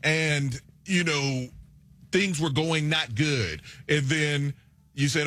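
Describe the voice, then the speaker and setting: A man's voice: on the high side, slow, fairly bright tone, no room sound. A man talking sports casually, rambling with many restarts.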